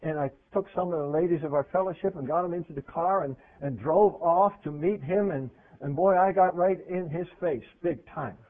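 High-voiced man preaching on tinny radio. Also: moderate pace, few pauses. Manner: conversational preaching, asks the audience questions, voice swings from loud to hushed. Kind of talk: sermon. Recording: tinny phone-like radio recording.

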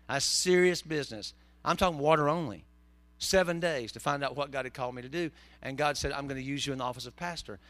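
Preacher guy, bright voice, cracking jokes in his sermon, kinda high. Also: dry recording. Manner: folksy, joking storyteller with southern turns of phrase. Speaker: pastor.

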